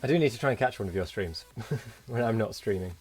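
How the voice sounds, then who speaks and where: A man's voice: lowish voice, fast talker, darkish tone, soft background music. A man hosting a late-night game live stream, tired and rambling as he thanks viewers and chats with his co-player. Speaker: streamer host. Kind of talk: casual live-stream chat.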